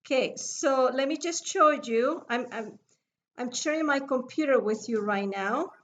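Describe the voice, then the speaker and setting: A woman's voice: sits high, measured pace. A middle-aged woman with a foreign accent, patiently teaching oil mixing over a video call. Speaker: essential oil mixing instructor.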